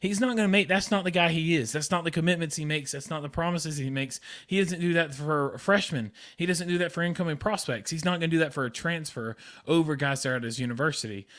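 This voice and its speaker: A man's voice: fairly high pitch, fast talker, hardly any pauses, fairly bright tone. A young man hosting a casual sports podcast, talking with enthusiasm and heavy repeated emphasis. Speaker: podcast host.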